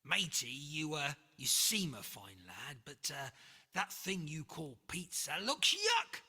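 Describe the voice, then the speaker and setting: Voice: medium pitch, wildly swooping pitch, slow, pushed and bright, slightly rough, full character voice. A storybook reader voicing an old pirate captain who hems and haws. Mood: hesitant. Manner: hesitant, with fillers. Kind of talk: storybook read-aloud. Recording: long reverb, faint music behind.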